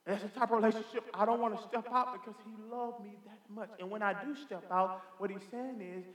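Speaking a little fast in a high, steady, slightly bright voice, this man delivers a fervent, emphatic sermon in a church sanctuary. He shouts hallelujah and amen as the reverberant hall echoes around him.

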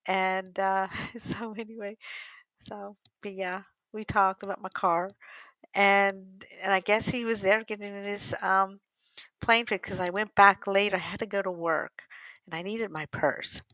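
A woman's voice: mid-range voice, steady tone, a little slow, fairly bright tone, no echo, low-quality recording. An older woman from the United States telling a personal story in a casual, rambling way, correcting herself and laughing often. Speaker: interviewee.

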